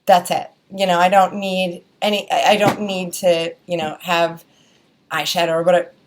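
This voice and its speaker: A woman's voice: fairly low pitch, little pitch movement, moderate pace, background noise. A young woman with a Wisconsin accent, chatting casually through a beauty product review, rambling with lots of fillers and restarts. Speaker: beauty vlogger.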